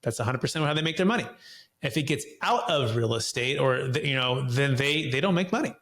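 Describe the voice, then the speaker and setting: A man who is a podcast guest. He tells stories animatedly and acts out dialogue in lively voices. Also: mid-range voice, a little fast. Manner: repeats words when starting sentences. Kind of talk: animated storytelling.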